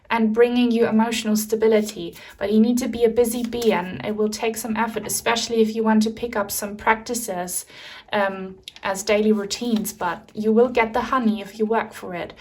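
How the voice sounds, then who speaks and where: An enthusiastic young woman from Germany reading tarot cards in a chatty way, talking straight to her viewers. Her voice sits a little high for a woman. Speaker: tarot reader. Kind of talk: casual pick-a-card tarot reading.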